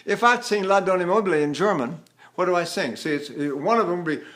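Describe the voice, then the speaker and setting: A man's voice: high voice, fairly quick, fairly bright tone. An older man teaching a voice lesson with a trained tenor voice, talking animatedly and breaking into sung phrases. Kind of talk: vocal lesson with sung demonstrations.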